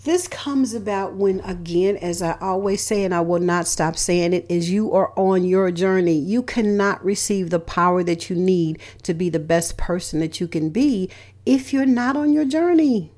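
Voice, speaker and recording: A woman's voice: lowish voice, normal speed, a little mellow. A middle-aged woman, a radio host and relationship counselor, giving motivational talk in an emphatic, repetitive way, hammering home points with lists. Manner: emphatic and repetitive, stressing key words with lists.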